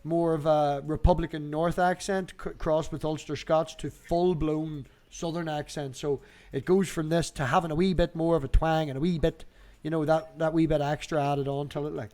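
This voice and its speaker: A man's voice: fairly high pitch, fairly even intonation, moderate pace, a little mellow. A man with a Northern Irish accent from near Newry, hosting a casual hangout chat and talking bluntly with plenty of swearing. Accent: Northern Irish, Newry border area. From Northern Ireland, near Newry. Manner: blunt, swearing, chatty storyteller. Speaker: stream host. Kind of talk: casual chat on a video call.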